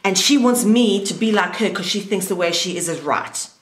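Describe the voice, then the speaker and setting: A woman's voice: medium pitch, moderate pace. Candid woman interviewer, echoey room. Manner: candid, swears, mimics voices. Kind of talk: casual chat.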